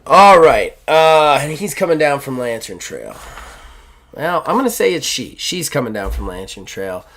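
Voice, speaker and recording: A man at a mid pitch talks through his turn in a journaling role-playing game. His descriptions ramble, packed with fillers and restarts. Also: very animated, normal speed, a bit bright. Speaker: player. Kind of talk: actual play of a journaling tabletop game.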